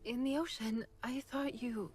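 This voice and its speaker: A woman voicing a gentle, teasing young heroine. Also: fairly high pitch, fairly even intonation, a little slow, a little hiss or hum, close to an everyday voice.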